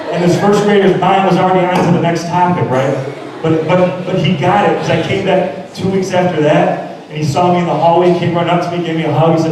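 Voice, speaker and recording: A man's voice: sits high, level tone, fast talker, crowd noise, background noise. Man telling stories at a school assembly. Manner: storytelling, acting out quotes, emphatic. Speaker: motivational speaker. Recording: echoey hall heard from far off.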